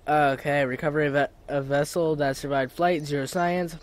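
A man giving casual, excitable commentary while playing a video game, talking to himself and bursting into cheers, his voice cracking now and then. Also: on the high side, moderate pace. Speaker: gaming video creator. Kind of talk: casual let's-play commentary.

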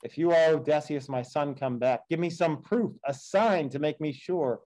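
A man's voice: on the high side, moderate pace, a little mellow, natural voice, poor audio. A man reading as frail old King Laertes. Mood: longing. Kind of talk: read-aloud epic poem dialogue.

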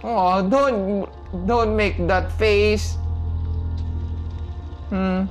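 Goofy let's-play commentator, drawn-out delivery, sudden shrieks, faint music underneath. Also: mid-range voice. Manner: excitable, shrieking exclamations and goofy teasing. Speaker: gaming video creator. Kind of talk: playthrough commentary.

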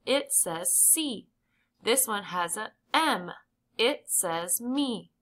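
A woman's voice: medium pitch, lively intonation, very slow. A woman voicing a kind, capable older sister in a storybook, encouraging and patient. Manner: warm and encouraging.

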